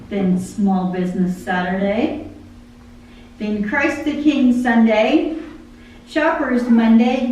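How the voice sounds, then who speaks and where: A woman speaks slowly in a mellow, slightly high voice, giving a chatty devotional talk. She is picked up from a distance in a very echoey room. A faint hum sits under her words. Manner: chatty, listing busy chores.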